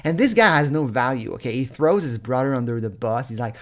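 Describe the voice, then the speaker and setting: A man's voice: medium pitch, lively intonation, a little fast, hardly any pauses. A man ranting angrily on his own channel, swearing often, tripping over his words and breaking into laughter. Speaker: vlogger. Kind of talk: profane comedic rant.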